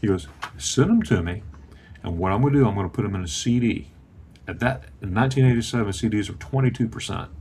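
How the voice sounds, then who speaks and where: A man's voice: lowish voice, fast, a little mellow, breathy edge. A man in his fifties from Florida, telling a personal story in a casual chat and acting out the voices of the people in it. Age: 50s. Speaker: guest.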